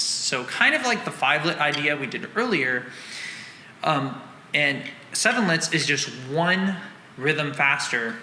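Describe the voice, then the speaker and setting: A man's voice: on the high side, slight background noise. A man teaching a drum lesson, breaking down snare rhythms and counting and singing the beats aloud in syllables while explaining with casual fillers. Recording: roomy echo with long reverb, loud drum music behind. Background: drum line music.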